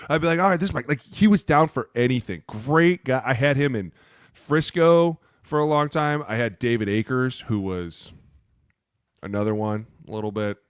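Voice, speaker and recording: A man from Ohio, a former offensive lineman co-hosting a podcast, telling profane, animated locker-room stories. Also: mid-range voice, normal speed, smooth, no room sound, clean studio sound. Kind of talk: casual chat.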